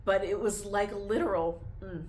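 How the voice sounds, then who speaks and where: A woman's voice: mid-range voice, fairly even intonation, moderate pace, darkish tone, a little hiss or hum. A young woman talks candidly in a personal vlog, confessional and tearful, laughing through tears as her feelings swing back and forth. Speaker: vlogger.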